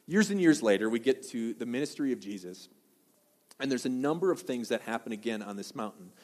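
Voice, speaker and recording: Fast-talking preacher in an echoing hall. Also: male voice, mid-range voice, expressive. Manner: fast, conversational, loud bursts. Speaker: pastor. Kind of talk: sermon. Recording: long hall reverb.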